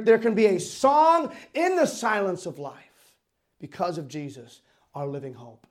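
A man preaching a sermon in an earnest way, repeating words as he builds a point and dropping to a quiet voice for emphasis. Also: sits high. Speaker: pastor.

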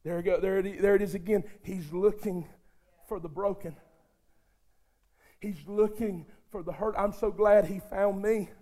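A man preaching a sermon who talks straight to his congregation and swings between hushed, intimate passages and shouted, fervent ones. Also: high voice, fairly even intonation, measured pace. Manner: addresses the congregation directly, calls for responses.

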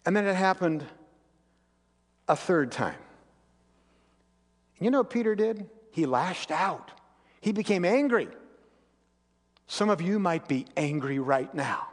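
Male pastor, sermon, earnest storytelling, high-pitched, long sanctuary reverb. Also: lively intonation, slow pace, long pauses. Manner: earnest, storytelling, dropping to quiet intensity. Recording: long reverb of a large hall.

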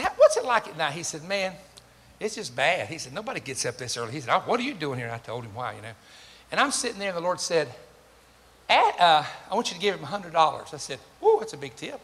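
A man's voice: a little high, fast talker. An older man, preaching a sermon and telling stories, acting out the voices of the people in them. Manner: animated, acts out quoted voices, jokes with the congregation. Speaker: pastor. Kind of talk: sermon with storytelling. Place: church sanctuary. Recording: reverberant hall with faint ambient noise.

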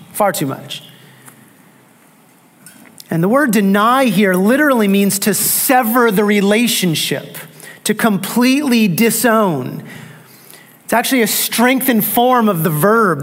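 A man. He drives his points home by repeating key phrases and asking the congregation rhetorical questions. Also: high-pitched. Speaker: pastor. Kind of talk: sermon.

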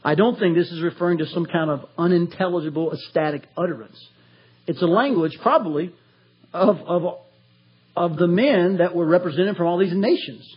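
Slightly rough and high-pitched, a pastor from Tennessee moves at normal speed through a verse-by-verse expository sermon. Dull audio captures his animated delivery as he acts out quotes loudly.

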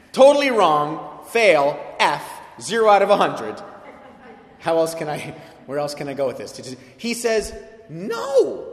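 A male pastor preaching a sermon in a lively, conversational way, swinging from loud emphatic quotes to quiet, intimate asides. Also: on the high side. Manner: animated, conversational, quoting with shifting intensity. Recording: echoey hall with long reverb.

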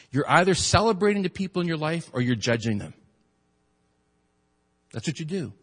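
A man preaches to his congregation in a husky, slightly raised voice. He talks to them like friends, then pushes his points home with force. The long reverb of a large church trails each phrase. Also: a little high. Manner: conversational preaching, swelling to emphatic peaks, joking asides to the congregation. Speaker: pastor. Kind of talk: sermon. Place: church sanctuary.

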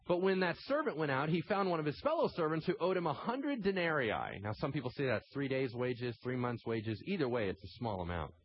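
A man preaching a sermon, telling the story with animated swings between loud emphasis and quiet intensity. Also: medium pitch, a little fast, hardly any pauses, breathy edge, muffled recording. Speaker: pastor.

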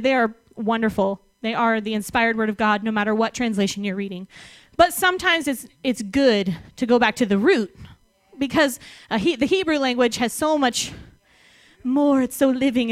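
A woman giving a sermon, animated and emphatic, often laughing between phrases. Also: fairly high pitch, normal speed, no echo. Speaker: speaker.

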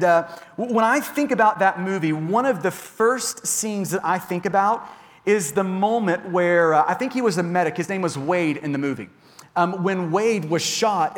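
A man in his thirties preaching a sermon in a church, earnest and given to repeating words as he starts a phrase. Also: sits high. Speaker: pastor. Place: church sanctuary. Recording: long hall reverb.

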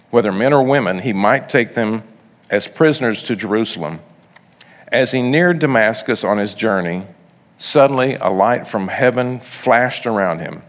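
Man, fairly low voice, sermon, reads scripture then explains it casually, long reverb of a hall. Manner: reads passages then explains them conversationally. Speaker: preacher. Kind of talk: sermon reading and teaching from scripture.

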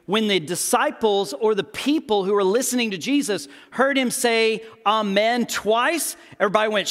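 A man preaching a sermon as pastor, telling stories with animated energy and acting out the quotes. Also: high-pitched, normal speed, hardly any pauses, long reverb tail. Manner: animated storytelling, acts out quotes.

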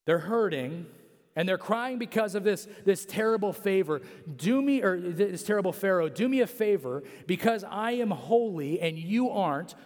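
Man playing commanding God, blunt orders, high male voice, hall reverb. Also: expressive, moderate pace, darkish tone. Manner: direct, matter-of-fact commands.

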